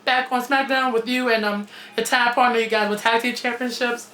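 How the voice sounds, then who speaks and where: Blunt, bright-voiced woman in echoey gym. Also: fairly high pitch, fairly even intonation, a little fast, a little hiss or hum. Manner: blunt and outspoken, swears freely. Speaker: wrestling reviewer. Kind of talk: casual opinionated review.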